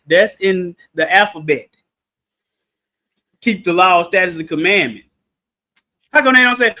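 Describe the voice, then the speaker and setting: A man with a very high, sharp and bright voice teaches a livestreamed Bible study, playful and animated as he quizzes his listeners. He speaks at normal speed with long pauses, now and then bursting into shouted emphasis.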